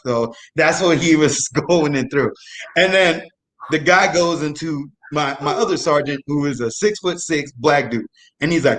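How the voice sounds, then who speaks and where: A man's voice: on the high side, a little slow. A young man telling a true story on a live show, casual and laughing through it. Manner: laughs through his story, animated asides. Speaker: guest storyteller.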